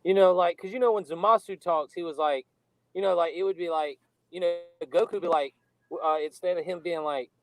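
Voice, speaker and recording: A man co-hosting a podcast in casual chat, halting and full of fillers. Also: sits high, no echo, low-quality recording.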